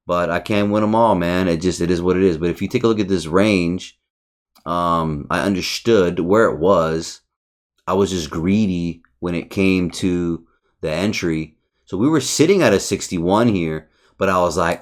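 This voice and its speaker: A young man hosting a trading channel, reviewing his trades in a frustrated, rambling, profane way. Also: low-pitched. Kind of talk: casual market review over charts.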